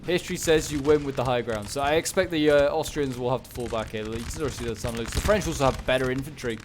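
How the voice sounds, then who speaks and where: A man rambles casually through commentary on a strategy game battle, excitable and talking back to the units on screen. His medium-pitched voice is fast, with background noise of gunfire and battle sounds.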